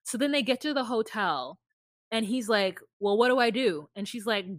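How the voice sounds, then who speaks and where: A woman's voice: a little high, lively intonation, moderate pace, dry recording, studio quality. A woman co-hosting a podcast, casually retelling reality show scenes and quoting the people in them. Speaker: podcast co-host. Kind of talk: casual recap chat.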